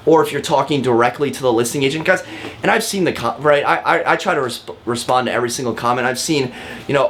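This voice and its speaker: A man's voice: medium pitch, lively intonation, a little fast, a bit bright, slight background noise. A man, a real estate agent, giving a casual lesson to camera, talking directly with frequent fillers and repeats. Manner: chatty and direct, often calls viewers guys.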